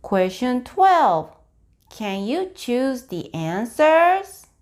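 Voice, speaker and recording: A woman with a Japanese accent gives a slow, clear online language lesson, speaking very deliberately and breaking sentences into pieces. Her voice sits on the high side with big pitch swings.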